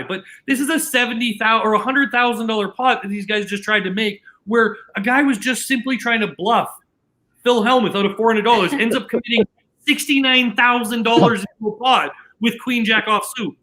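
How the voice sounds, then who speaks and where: A Canadian man with a bright, forceful voice, sitting slightly above the usual male pitch. He tells a poker story in casual podcast chat, tumbling through restarts and quoted lines as the tale unfolds. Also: a little fast, low-quality recording. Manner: animated anecdote telling with many restarts and quoted dialogue. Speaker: casino dealer, podcast guest.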